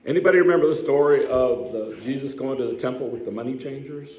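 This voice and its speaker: A man's voice: mid-range voice, fast talker, a little mellow, reverberant, rough recording. A man preaching a sermon as a pastor, telling the story in a conversational way and putting questions to the congregation. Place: church sanctuary.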